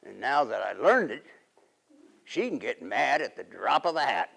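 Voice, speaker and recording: A man's voice: medium pitch, very animated, normal speed, gravelly, fairly bright tone, breathy edge, exaggerated voice. A middle-aged man, playing a folksy, rambling 1880s riverboat man and husband in a period monologue.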